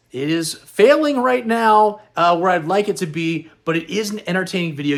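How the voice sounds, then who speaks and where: A middle-aged man talks through his vlog in a loose, rambling way with an upbeat lift. His voice sits high for a man. He sounds tired and a little worn. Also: fairly bright tone. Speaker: host. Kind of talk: casual vlog chat.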